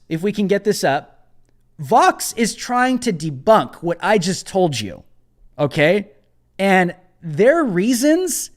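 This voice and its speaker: Emphatic high-voiced male show host. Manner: emphatic, repeats phrases for emphasis; blunt and combative. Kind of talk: live commentary show.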